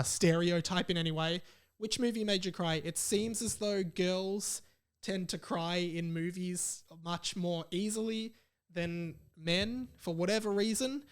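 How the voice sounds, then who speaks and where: A man from Australia hosting a solo podcast, chatting in a rambling, enthusiastic way. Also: a little high. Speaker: podcast host. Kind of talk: casual solo podcast chat.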